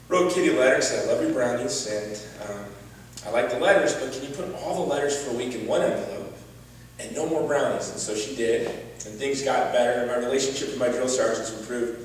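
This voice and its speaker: A man's voice: mid-range voice, slight background noise. A man giving an earnest personal testimony as a gala speaker, with touches of wry humor. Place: large event hall. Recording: distant echoey hall recording.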